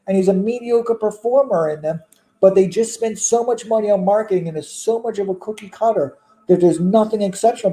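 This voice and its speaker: A man's voice: high-pitched, warm tone. A man in casual conversation who argues his opinions emphatically and piles on rhetorical questions. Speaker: guest. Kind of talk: casual chat.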